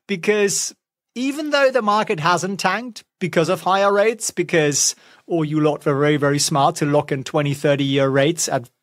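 A man's voice: a little high, moderate pace, fairly bright tone, dry recording, studio quality. A man giving casual stock market commentary at home, chatty and wry with sarcastic asides. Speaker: finance vlogger. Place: home, with a pet nearby.

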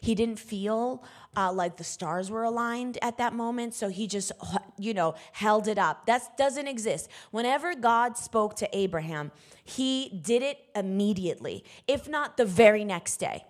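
A woman's voice: on the high side, animated, unhurried. A woman minister giving a conversational sermon, candid and emphatic, speaking straight to her listeners.

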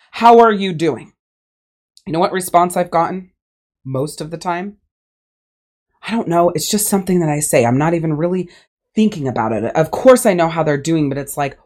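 A woman's voice: on the low side, a little mellow. A woman hosting her own podcast as a life coach, talking bluntly and emphatically and swearing freely in a candid solo monologue.

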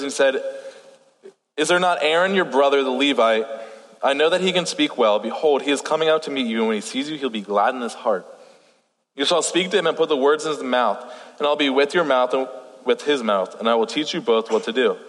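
A man's voice: medium pitch, quick pace, a bit bright. A young man, a pastor, giving a casual sermon with joking asides and scripture readings, with a slight lisp and stutter. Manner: chatty, joking asides, reads scripture aloud. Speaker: youth pastor. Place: church hall. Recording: long hall reverb.

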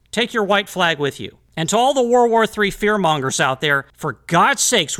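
Angry male podcast host, high and bright, sarcastic and shouting. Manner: ranting, yelling, sarcastic. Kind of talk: angry political monologue. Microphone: studio microphone.

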